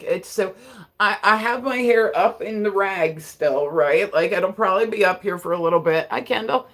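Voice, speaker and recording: A young adult livestreamer from Delaware banters casually with a live chat, using lots of fillers and laughing frequently. The voice is an unremarkable one at ordinary middle pitch.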